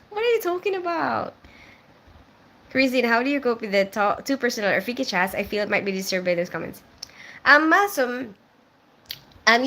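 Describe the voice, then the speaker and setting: A woman's voice: a little high, bright, forceful tone. A young woman who grew up in the Philippines, hosting a casual live stream and reading viewers' comments aloud, chatty and full of fillers. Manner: reads viewer comments aloud and answers them.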